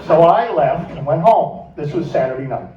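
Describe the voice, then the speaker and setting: An older man, a former radio staffer, telling a stage anecdote with lively laughter. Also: fairly high pitch, moderate pace. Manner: animated, laughs through his anecdote. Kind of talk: storytelling on stage. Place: stage at a music club. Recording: echoey, dull, from far off.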